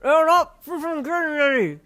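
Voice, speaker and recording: A woman voicing a feisty, playful young woman with loud, squeaky outbursts in a fan fiction audio reading. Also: animated, slow pace, faint music behind.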